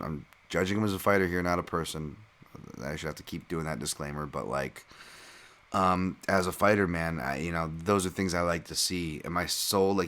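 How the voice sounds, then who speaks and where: A man with a very low voice hosting a podcast on his own. He talks in a loose, chatty way, drifting between points and dropping the odd swear word. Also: a bit bright. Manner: casual, profane, digressive, chatty. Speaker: podcast host, fight analyst. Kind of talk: casual solo fight breakdown.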